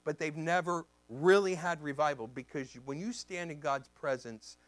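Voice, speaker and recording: A man preaching as a pastor, telling a story in an animated way and acting out the voices in it. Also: fairly high pitch, normal speed, no echo. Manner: animated, acts out voices in his stories. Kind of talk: storytelling sermon.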